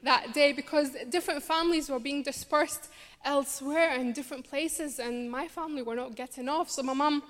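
A woman's voice: high voice, fairly even intonation, normal speed, a bit bright. A woman in her twenties from Somalia with a Scottish accent, telling her own story earnestly with dry humor on a theatre stage. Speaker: refugee campaigner speaking at a charity show. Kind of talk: personal story told on stage. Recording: long theatre hall reverb.

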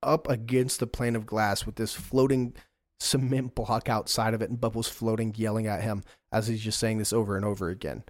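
A man's voice: on the low side, fairly quick, no room sound. Male game master, playful narrator, dry close sound. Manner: lively narration with playful put-on voices.

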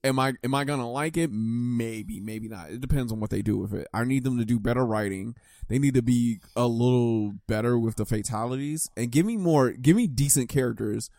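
A man chatting casually about a movie, his voice sitting at an ordinary middle pitch, recorded dry and close with no room sound. He rambles with plenty of fillers and keeps breaking into laughter. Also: a little fast, dry recording. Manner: animated, laughs often, rambling with many "like"s. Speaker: podcast co-host. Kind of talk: casual movie review chat.

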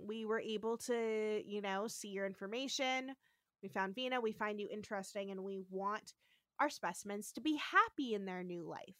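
A detached alien observer who speaks in a hushed, clinical way, as a woman on a podcast puts it on. The voice stays bright and fairly high, and the sound is close and dry. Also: no echo. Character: calm, detached alien studying humans.

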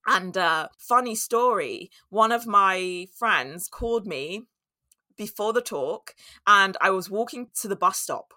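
Woman podcasting solo, bright clear voice, candid and chatty, dry close sound. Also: medium pitch, animated, slow, no room sound. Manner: candid and storytelling, with laughs and acted-out inner voices. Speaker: podcast host. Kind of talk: reflective solo talk.

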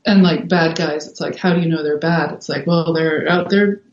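A woman's voice: sits low, fairly even intonation, normal speed. A woman talking through ideas in casual conversation as a guest, thinking aloud with many fillers. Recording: roomy, dull lo-fi sound.

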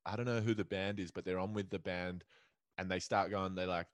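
A man's voice: low-pitched, fairly even intonation, brisk, dry recording. A man co-hosting a podcast, telling stories in a laid-back, swearing, laughing casual chat. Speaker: podcast co-host.

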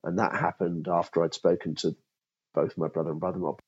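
A man's voice: deep voice, level tone, brisk, husky, lo-fi sound. A man in his fifties, a former law firm chief, thinking aloud in an interview with frequent restarts. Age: 50s. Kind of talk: interview conversation.

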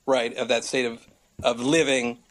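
A man's voice: medium pitch, flat delivery, measured pace. An American man in his thirties, a regular correspondent on a comedy podcast, rambling through a theory in casual chat and laughing often. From United States.

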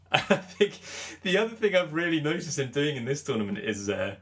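Joking podcast host. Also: male voice, a little high, big pitch swings, moderate pace. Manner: joking, teasing, mimics commentators. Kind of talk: casual chat.

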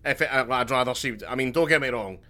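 Bright-voiced of man. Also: medium pitch, fast talker. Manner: dry, sweary humour. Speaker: podcast co-host. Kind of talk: casual chat.

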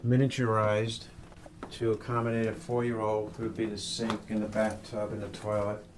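A man giving a tour of a garden and house, talking in a halting, reflective way with many fillers. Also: fairly low pitch. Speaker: widower giving a home tour. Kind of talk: interview recollection while walking. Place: garden outdoors. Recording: outdoor noise with passing traffic.

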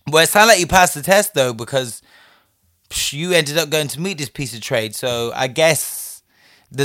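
His voice is a little high with a fairly bright tone, recorded dry with clean studio sound. As a host reacting to a listener's story, he gives casual, chatty, sassy commentary, heavy on "like" and full of laughs.

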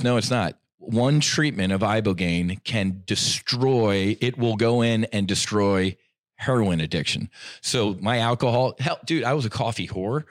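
A middle-aged man telling a personal story in casual podcast talk. He is animated and slangy, and his voice swings between loud bursts and hushed asides. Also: fairly low pitch, a little slow, no echo, studio quality. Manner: slangy, says "dude" and "I'm like". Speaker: podcast guest.

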